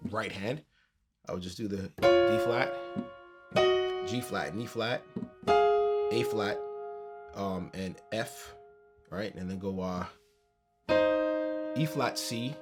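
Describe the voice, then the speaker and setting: A man teaching a keyboard tutorial in a relaxed, conversational way, counting beats aloud as he plays. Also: on the low side. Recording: piano music under the voice.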